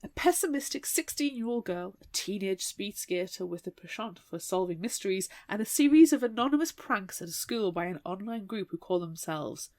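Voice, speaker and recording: A young British woman co-hosting a casual book podcast, chatty and animated, often slipping into mock voices. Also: medium pitch, a little fast, hardly any pauses, dry recording. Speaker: podcast co-host.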